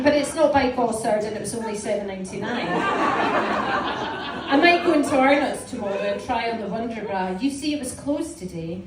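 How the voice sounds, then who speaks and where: A Scottish woman in her forties reading aloud from her teenage diary to a live audience, with a wry, amused storytelling manner. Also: on the high side. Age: 40s. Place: small indoor live venue. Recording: roomy, distant mic with audience noise.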